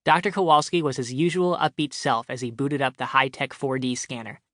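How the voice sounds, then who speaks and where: A man's voice: mid-range voice, steady tone, brisk, fairly bright tone, no echo. A man narrating his comic short story as a scripted audiobook, with a wry, dry delivery on a close studio mic.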